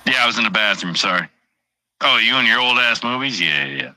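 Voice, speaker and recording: A man's voice: fairly low pitch, animated, a little fast, sharp tone, no room sound. A middle-aged man hosting a livestream, rambling and swearing casually while reading out chat names. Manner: profane, rambling, reads chat aloud. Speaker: livestream host.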